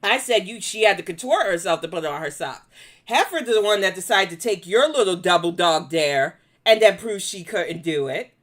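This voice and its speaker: A woman's voice: mid-range voice, lively intonation, normal speed, fairly bright tone. A woman with a New York accent hosting a live commentary stream, blunt, profane and confrontational as she answers her chat. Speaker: commentary livestream host.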